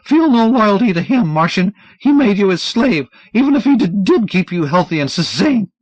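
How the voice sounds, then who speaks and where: A man's voice: high-pitched, big pitch swings, normal speed, darkish tone, no room sound, voice pushed up. A man voicing a frantic, stammering man running from gangsters, stuttering on first sounds. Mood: urgent. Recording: dull, dry audiobook recording.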